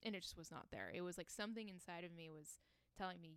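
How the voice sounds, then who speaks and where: A woman's voice: fairly low pitch, fast, smooth, dry recording. A young woman hosting her own podcast, talking in an earnest, encouraging way and often restarting her sentences. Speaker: podcast host. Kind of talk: casual solo podcast monologue.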